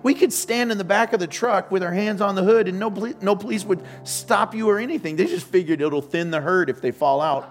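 A man preaching a sermon as pastor, joking and telling stories with sudden loud outbursts. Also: high voice, brisk, few pauses, faint music behind.

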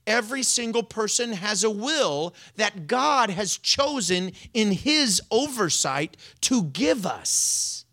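A pastor giving a sermon in a playful, animated way, often breaking into laughter while explaining scripture. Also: mid-range voice, slow pace, few pauses.

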